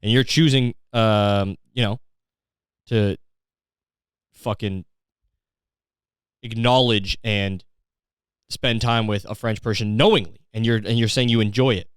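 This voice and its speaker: A man's voice: fairly low pitch, steady tone, measured pace, pauses often, clear, resonant tone, no room sound, clean studio sound. A man hosting a comedy podcast, delivering a profane, rambling, mock-outraged monologue. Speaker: podcast host.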